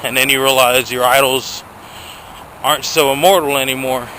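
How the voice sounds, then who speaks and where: A man's voice: mid-range voice, flat delivery, normal speed, pushed and bright, a little hiss or hum, rough recording. A young man ranting to his camera outdoors, profane and agitated, filmed on a handheld phone. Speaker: vlogger. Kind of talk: casual rant to camera.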